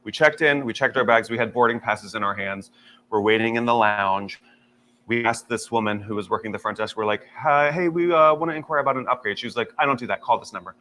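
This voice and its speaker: A man co-hosting a morning talk show, telling a story with lively acted-out quotes. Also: mid-range voice, fast, a little hiss or hum. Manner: animated storytelling, acting out quotes. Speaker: radio co-host. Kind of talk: casual chat.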